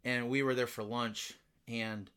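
A man co-hosting a casual podcast, ranting in an animated way and swearing freely. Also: mid-range voice, a little slow, clear, resonant tone. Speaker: podcast co-host. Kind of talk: casual chat.

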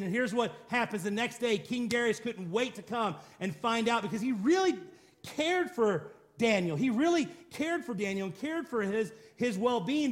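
A man preaching a sermon, driving his points home with repeated declarations and rhetorical questions, and calling on the congregation to respond. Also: very high-pitched. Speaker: pastor.

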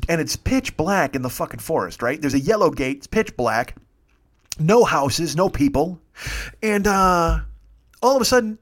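Fast, profane man telling a story. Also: fairly high pitch. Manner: fast, profane, animated, acts out dialogue. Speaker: podcast host. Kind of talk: casual storytelling.

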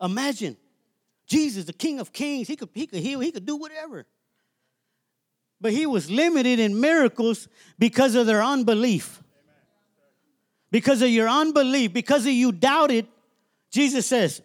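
A man's voice: very high voice, expressive, normal speed, pauses often. A man preaching a sermon as a minister, emphatic and conversational, repeating phrases and laughing as he talks.

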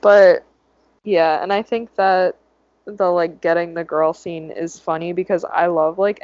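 A woman's voice: sits low, a little mellow, no room sound, muffled recording. A woman co-hosting a podcast, chatting casually and rambling with many fillers. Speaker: podcast co-host. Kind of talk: casual chat.

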